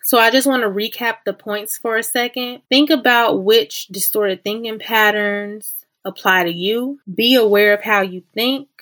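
A woman's voice: on the high side, a little slow, a bit bright. A woman hosting a faith-based self-help podcast, talking in a conversational, encouraging way and repeating her key points. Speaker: podcast host.

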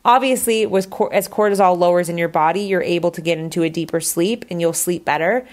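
A woman's voice: on the low side, fairly quick, darkish tone. A woman hosting her own podcast, talking casually and candidly, with lots of "like" fillers. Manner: chatty, candid, says "like" a lot. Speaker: podcast host.

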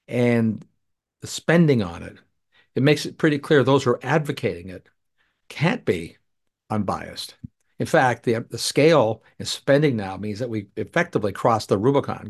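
A man hosting his own podcast, delivering a measured, deliberate policy commentary monologue with occasional restarts. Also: lowish voice. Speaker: podcast host.

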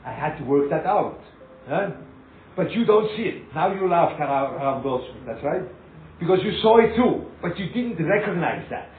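A man giving an animated, informal Torah talk as a rabbi, repeating himself and acting out little scenes. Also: sits high. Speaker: rabbi teaching a class. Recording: echoey, tinny lo-fi room recording with hiss.

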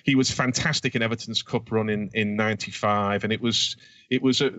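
Low-voiced man, hesitant football chat. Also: steady tone, brisk, a bit bright, no echo, dull audio. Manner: rambling, hesitant, many fillers. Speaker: podcast co-host, Everton fan.

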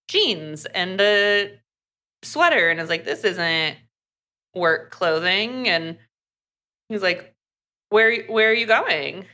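A woman's voice: lowish voice, pushed and bright. A woman co-hosting a podcast, chatting casually through a book's plot and acting out the characters' lines. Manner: chatty, fast recap full of "like" and acted quotes. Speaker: podcast co-host. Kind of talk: casual book recap.

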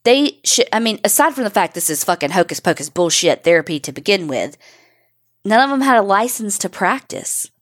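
A woman's voice: medium pitch, sing-song, fairly quick. A woman co-hosting a podcast, bluntly recounting a true crime case and swearing. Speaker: podcast co-host.

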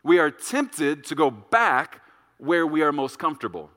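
A middle-aged male pastor preaching a sermon, telling a story and acting out voices with big jumps in pitch and volume. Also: big pitch swings, measured pace, fairly bright tone, in a large hall.

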